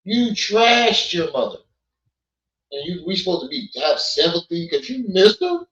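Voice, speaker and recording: A man's voice: high-pitched, animated, unhurried, a bit bright. A man hosting a livestream, blunt and scolding, repeating himself and thanking donors. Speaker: livestream host. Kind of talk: livestream commentary. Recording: echoey, dull lo-fi sound.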